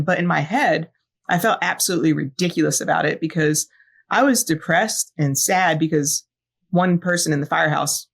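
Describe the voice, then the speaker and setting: A woman's voice: low voice, vocal fry. A woman guest on a podcast, a fire battalion chief, telling a personal story in an earnest, reflective way with lots of ums and uhs. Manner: earnest, reflective, frequent filler sounds.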